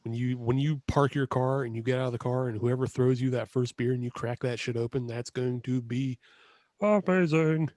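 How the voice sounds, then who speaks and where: Man, podcast co-host, casual rambling chat, mid-pitched voice, dry video-call sound. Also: little pitch movement, a little fast, hardly any pauses, a little mellow, dry recording. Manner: rambling, self-correcting, laughs often.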